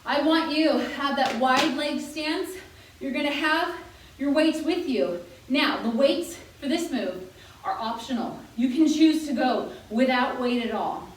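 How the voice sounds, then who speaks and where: Leading seniors through a workout, a young female fitness instructor exercises alongside them, chatty, full of jokes and encouragement. She speaks a little slowly with a voice that sits high, heard from a distance in a very reverberant room.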